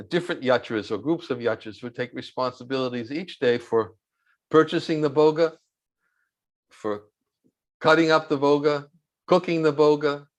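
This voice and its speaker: A man with a fairly high voice tells a story for an interview, easing along with pauses and filler sounds. He speaks as a monk recalling old times, plain and unhurried. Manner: unhurried, halting with fillers, chuckles while recalling.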